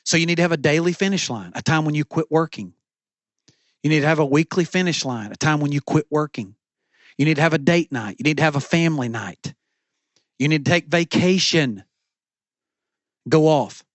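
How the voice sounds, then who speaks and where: A man's voice: a little high, lively intonation, fairly quick, pauses often, no echo. A middle-aged man preaching a sermon as pastor from a church stage, with an emphatic, repetitive cadence.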